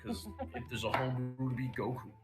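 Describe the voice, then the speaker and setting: A man's voice: mid-range voice, level tone, a little fast, over music. A man playing a tabletop game, narrating his character and joking around. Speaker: player. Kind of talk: casual chat and in-character narration.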